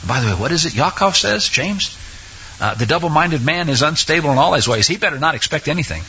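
A man preaching a sermon, retelling scripture in a colloquial, animated way and acting out the quotes with shouts. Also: a little high, fast, a little hiss or hum. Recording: dull lo-fi recording.

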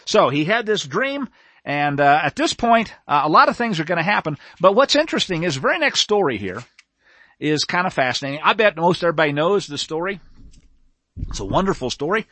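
Animated, high-voiced male preacher. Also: brisk, no room sound. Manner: animated, emphatic, self-described nerdy. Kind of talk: sermon.

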